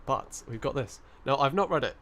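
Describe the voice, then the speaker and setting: A man chats loosely on a live stream from his desk, wandering between thoughts and laughing easily. His pitch is unremarkable, a plain middle register. There is a faint hum of room ambience behind him. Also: expressive, fairly quick, fairly bright tone. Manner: rambling and chatty, laughing often. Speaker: coin-hunting live streamer. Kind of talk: casual live-stream chat.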